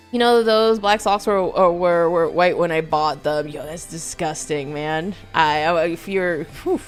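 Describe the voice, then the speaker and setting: A woman streamer chatting casually with her viewers during a game stream, slangy and quick to laugh, calling them "dude" and "brother.". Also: medium pitch.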